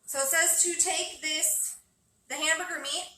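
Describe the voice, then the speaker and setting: A chatty woman with a high voice talks to the camera while she cooks in her home kitchen. She sounds far from the camera and the room echoes. A steady background noise sits under her voice. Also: measured pace. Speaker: vlogger cooking at home with her kids. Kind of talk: casual cooking vlog chat.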